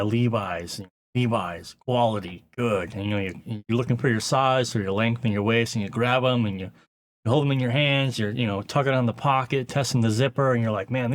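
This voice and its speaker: A man hosting his own channel, telling a casual story to camera and muttering his inner thoughts aloud, with loose fillers and the odd swear word. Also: mid-range voice. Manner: conversational, acts out inner thoughts in a muttered aside voice. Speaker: audio engineer and YouTube host.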